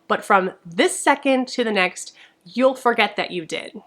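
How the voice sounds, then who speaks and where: A woman's voice: mid-range voice, animated, takes it slowly, a bit bright. Chatty woman reading book blurbs dramatically. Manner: reads blurbs dramatically and breaks in with chatty asides. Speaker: book reviewer. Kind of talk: casual book talk reading blurbs aloud.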